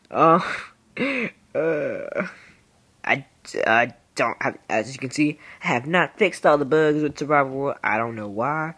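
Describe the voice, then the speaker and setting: At a measured pace, a teen boy in the middle of his voice breaking narrates casual gameplay for his gaming videos, his male voice pushed and bright. He's goofy and rambling, often slipping into squeaky joke voices.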